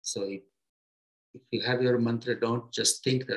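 A man teaching his students on the spiritual path, speaking in a middle-pitched, gentle voice. He sets out short phrases one at a time with pauses between them and leans on simple everyday comparisons to keep his teaching encouraging. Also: steady tone, low-quality recording.

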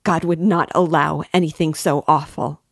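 A woman's voice: low-pitched, steady tone, moderate pace, gravelly, no echo, studio quality. A woman reading the lines of a frightened, devout young woman who cries out in anguish. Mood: desperate. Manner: pleading, crying out in anguish.

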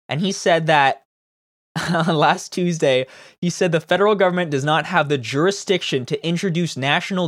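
A young man rants through the day's news, swearing freely and sounding exasperated and sarcastic. His pitch swings widely from low grumbles to high outbursts. The recording is close and dry, with no room sound. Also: no echo. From Canada. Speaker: political commentary host. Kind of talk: ranting news commentary.

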